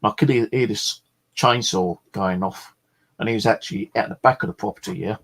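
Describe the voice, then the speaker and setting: A man's voice: lowish voice, a little fast, a bit bright. A man chatting casually in a vlog, a rambling storyteller full of fillers and the odd swear word. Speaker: vlogger.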